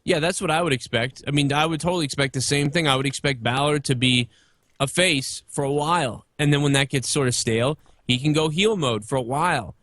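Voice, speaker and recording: A man's voice: fairly high pitch, fairly quick, fairly bright tone, no echo. A man in his thirties talking casually and opinionatedly about wrestling, rambling and swearing freely. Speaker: podcast guest.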